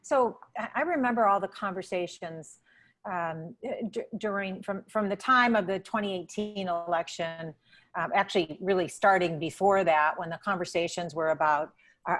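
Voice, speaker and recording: A woman's voice: on the low side, fairly bright tone. A woman interviewing an author on a video call, asking long questions with many restarts and repeated words. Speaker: interviewer, congresswoman.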